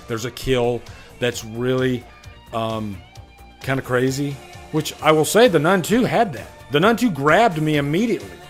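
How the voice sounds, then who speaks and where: A man hosting a casual live stream, chatting animatedly about movies he saw and answering viewers. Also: on the high side.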